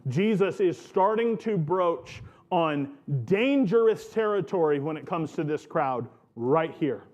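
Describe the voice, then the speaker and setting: Slow, emphatic preaching man. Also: a little high, expressive, darkish tone, muffled recording. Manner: earnest, emphatic preaching with slow stressed phrases. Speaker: pastor. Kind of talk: sermon. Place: church.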